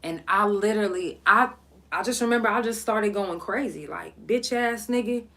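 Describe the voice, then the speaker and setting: Young woman podcast host telling a wild story, cussing a lot, bright forceful voice. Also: medium pitch, normal speed. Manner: blunt, profane, animated storytelling. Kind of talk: casual storytime.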